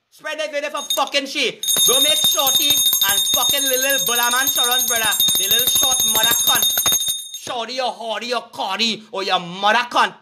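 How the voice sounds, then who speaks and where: A man's voice: very high voice, steady tone, moderate pace, noisy background. A man with a Trinidadian accent delivering an angry, profane street rant in heavy Creole dialect, cursing and making threats. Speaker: vlogger.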